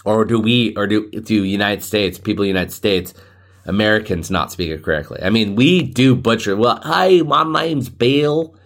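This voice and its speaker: A man's voice: lowish voice, fairly quick. A man hosting a casual solo podcast, rambling and joking, often laughing at himself. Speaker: podcast host.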